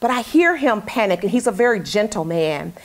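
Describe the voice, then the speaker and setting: A woman's voice: medium pitch, sing-song, brisk. Candid woman telling a heartfelt story. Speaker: talk show host interviewed as guest. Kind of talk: casual interview storytelling.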